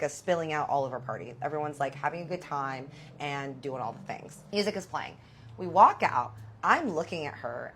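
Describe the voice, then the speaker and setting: A woman in her thirties telling a dramatic personal story in casual storytime style, animated and full of fillers. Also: on the low side, slightly rough.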